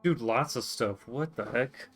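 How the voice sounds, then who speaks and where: Man, game streamer, casual musing commentary, middle pitch, faint game music behind. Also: a little slow. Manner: musing to himself, reading on-screen text aloud.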